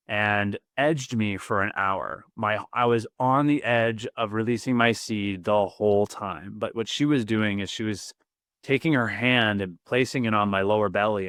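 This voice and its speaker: A man as a podcast guest, telling a personal story in an earnest, vivid and excitable way, often repeating words. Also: fairly low pitch, clear, resonant tone, no echo, clean studio sound.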